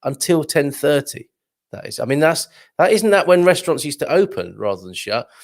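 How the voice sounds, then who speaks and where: A man's voice: a little high, sing-song, quick pace, vocal fry. Wry, chatty male show host. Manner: wry, chatty, musing aloud. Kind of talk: live show commentary on news.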